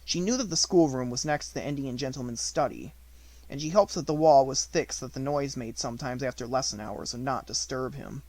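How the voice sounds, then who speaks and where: A man reading a classic novel aloud as an audiobook narrator, in a steady, even storytelling voice. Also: mid-range voice, a little fast, dry recording, poor audio.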